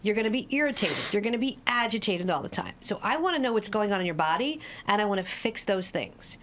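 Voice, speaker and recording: A woman's voice: mid-range voice, lively intonation, quick pace, a bit bright. Woman guest, 40s, addiction coach; direct, practical, walks through everyday scenarios. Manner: direct, no-nonsense, explains with everyday examples. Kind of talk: podcast interview.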